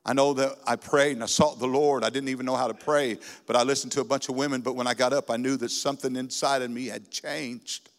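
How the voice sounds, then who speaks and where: A man preaching a sermon in a church, building from steady teaching into fervent, emphatic exhortation. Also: medium pitch, fast talker, hardly any pauses. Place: church sanctuary. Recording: long reverb in a hall.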